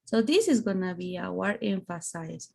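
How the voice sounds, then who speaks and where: Slow-speaking woman teaching grammar. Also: lowish voice, animated, vocal fry, dark tone. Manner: slow, explaining with examples. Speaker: English teacher. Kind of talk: online grammar lesson.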